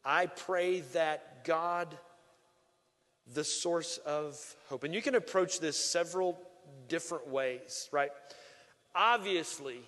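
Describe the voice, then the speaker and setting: A man preaching a sermon as pastor, animated, with joking asides and big swings from loud emphasis to quiet. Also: a little high, takes it slowly. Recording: long reverb of a large hall.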